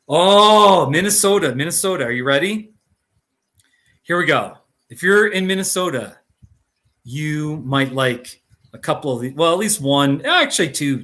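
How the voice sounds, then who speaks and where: Bright-voiced man rambling on a live stream. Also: a little high. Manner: rambling and jokey, laughs often, restarts sentences. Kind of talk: casual live stream chat.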